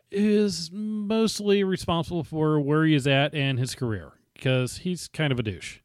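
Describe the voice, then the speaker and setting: A man's voice: a little high, no echo. A man casually reviewing a movie for his podcast, chatty and conversational.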